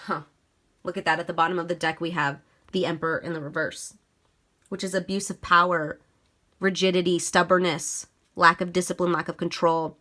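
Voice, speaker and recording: A woman's voice: fairly low pitch, flat delivery, brisk, pushed and bright. A woman giving a casual tarot reading, talking straight to her viewers and swearing freely. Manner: chatty, swears freely, addresses viewers directly. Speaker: tarot reader.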